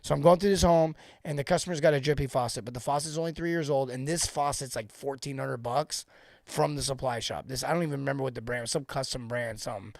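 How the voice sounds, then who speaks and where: A man coaching plumbing technicians on a live show, emphatic and animated, hammering his points home through repetition. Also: medium pitch, fast talker, vocal fry, no echo, clean studio sound.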